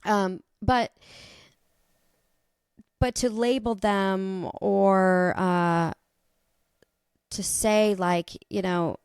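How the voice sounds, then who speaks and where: A woman in her thirties hosting a podcast, thinking out loud in a rambling, casual monologue with the odd swear. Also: medium pitch, takes it slowly, pauses often, clean tone, no echo, studio quality. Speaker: podcast host.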